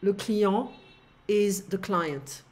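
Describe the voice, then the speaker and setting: A woman's voice: mid-range voice, drawn-out words. Teacher lady, talks thru a textbook page, lots of uhs. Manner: explains step by step with many fillers. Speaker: French teacher. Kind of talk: online language lesson.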